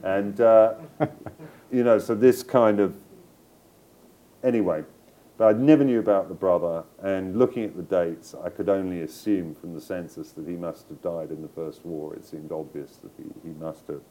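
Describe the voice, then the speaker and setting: Deep, mellow-voiced middle-aged man. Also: steady tone, moderate pace, rough recording. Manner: discursive, digressive storytelling with frequent restarts. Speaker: novelist. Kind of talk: book club conversation. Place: live event before an audience.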